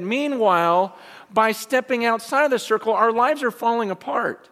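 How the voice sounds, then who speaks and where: A male pastor preaching a sermon in a church, self-deprecating and animated, often repeating words as he goes. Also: very high voice, moderate pace. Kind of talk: sermon with a joke. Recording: long church reverb.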